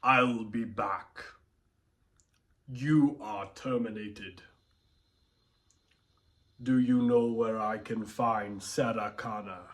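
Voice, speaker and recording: A man voicing a cold male killer robot in a slow, flat, low monotone. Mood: menacing.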